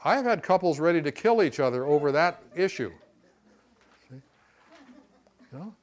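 A man's voice: fairly high pitch, animated, normal speed. Middle-aged man teaching a class. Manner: conversational, repeats "see" to stress points. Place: room with a class.

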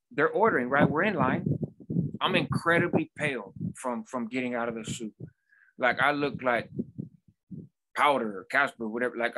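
A man's voice: medium pitch, a bit bright. A man in his forties hosting a vlog, telling a personal story in a casual, conversational way with frequent asides. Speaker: vlog host.

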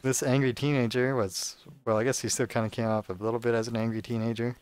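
A man's voice: mid-range voice, little pitch movement, fast, a little mellow, clean tone, dry recording, faint music behind. A man giving casual, sarcastic, rambling commentary while playing a video game. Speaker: let's play host.

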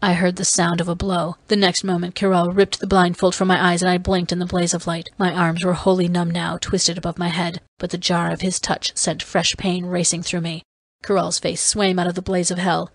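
A woman reading a novel aloud in first person, steady and even. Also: fairly low pitch, fairly quick, no echo. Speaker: audiobook reader.

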